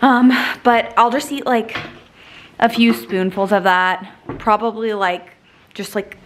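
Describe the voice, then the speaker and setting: A young woman chats through her morning in a home kitchen, rambling and hedging with lots of fillers. The recording has a clear layer of background noise. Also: fairly high pitch, fairly even intonation, slow. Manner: chatty, rambling, filler-heavy. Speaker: vlogger. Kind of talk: casual kitchen vlog chat.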